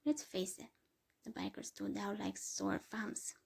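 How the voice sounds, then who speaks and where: Woman whispering a story, very breathy. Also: mid-range voice, fairly even intonation. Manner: slow, soft reading. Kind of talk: whispered role-play.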